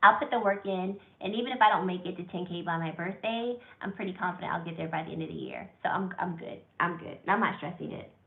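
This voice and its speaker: A woman's voice: fairly low pitch, fast, hardly any pauses, narrow, tinny audio. A woman, chatting through a casual livestream Q&A as a beauty vlogger and gushing as she reads viewer comments. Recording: echoey room.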